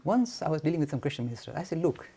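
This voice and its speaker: A man from India gives a frank, forceful lecture on Hinduism to students. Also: a little high, racing, breathy edge. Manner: forceful, frank, animated, mock-arrogant.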